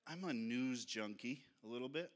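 A man's voice: medium pitch, animated. A man preaching a sermon as pastor, talking in an earnest, reflective and conversational way. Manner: sings slowly to lead the congregation.

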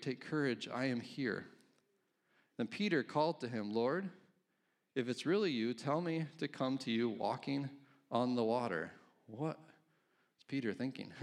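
A man preaching a casual, conversational sermon, reading scripture aloud and chuckling between points. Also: medium pitch. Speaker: pastor.

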